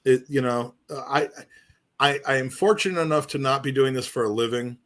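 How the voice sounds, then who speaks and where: A man's voice: medium pitch, brisk, a bit bright. Rambling middle-aged man. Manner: rambling, restarts often, earnest. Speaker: podcast co-host. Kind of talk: casual chat.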